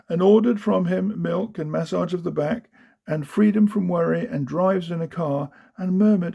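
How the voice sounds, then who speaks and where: A man's voice: a little high, normal speed, creaky, dark tone, slightly rough. A man giving a rhythmic, sing-song storybook reading of children's poems. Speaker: reader of children's verse.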